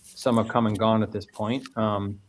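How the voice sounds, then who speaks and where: A man's voice: fairly low pitch, flat delivery, normal speed. A man from Northwest Indiana, a guest meadery owner talking casually on a podcast, rambling and restarting as he goes. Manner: rambling, repeats words and restarts often.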